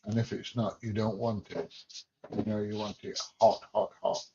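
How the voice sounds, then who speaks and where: An English man hosts a livestream from home, reading viewer comments and chatting bluntly and casually, with jokes and mild swearing. His voice sits fairly low with little pitch movement, at a moderate pace. The stream audio is dull and lo-fi, with a noisy background.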